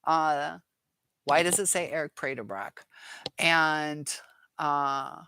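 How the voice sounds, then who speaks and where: A middle-aged woman hosts a live chat, reading viewer comments aloud and pushing back on them. Her voice sits a little low and sounds dry, with no room around it. She speaks frankly and sounds fed up. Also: steady tone, slow pace, bright, forceful tone, smooth, no room sound.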